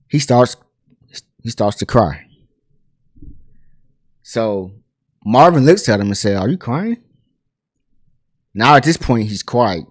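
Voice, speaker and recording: A man hosting a pop culture commentary channel, telling a story in a chatty, animated way full of asides and fillers. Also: medium pitch, no room sound, clean studio sound. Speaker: host.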